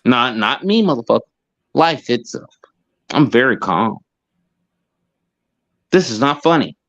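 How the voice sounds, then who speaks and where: A man's voice: medium pitch, expressive, a little slow, vocal fry, fairly bright tone. A man co-hosting a casual chat, rambling through profane, heated rants. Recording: dull lo-fi sound.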